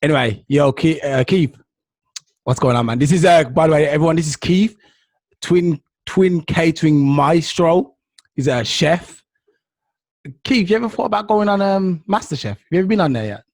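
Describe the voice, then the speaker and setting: A man's voice: fairly high pitch, moderate pace, darkish tone, no echo. A man hosting a podcast in casual chat, laid-back and slangy, joking. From Jamaican heritage, living in Germany. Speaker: podcast host.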